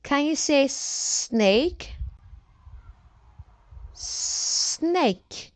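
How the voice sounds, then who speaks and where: A woman's voice: a little high, very animated, very slow. A woman narrating an alphabet lesson for toddlers, prompting them to repeat each animal word. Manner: prompting listeners to repeat words. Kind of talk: slow scripted narration for toddlers.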